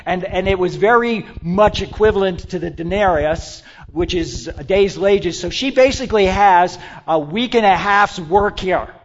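A man preaching a sermon, leading the congregation in call-and-response and swinging between loud exclamations and hushed asides. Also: high-pitched, unhurried, few pauses, dull audio.

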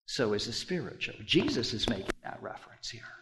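A middle-aged pastor with a gravelly, mid-range voice and big pitch swings preaches a sermon. He shifts between loud storytelling and hushed, deliberate emphasis, drawing out his repetitions.

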